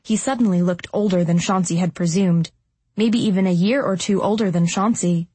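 A woman narrating a dark fantasy audiobook in a steady, dramatic storytelling manner. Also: fairly low pitch, normal speed, breathy edge, dry recording. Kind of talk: scripted narration.

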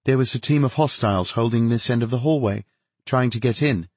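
A man's voice: medium pitch, a little fast, breathy edge, no room sound, voice pushed up, lightly acted. A man voicing a wounded, tense woman soldier leader who speaks in terse, strained phrases in an audiobook.

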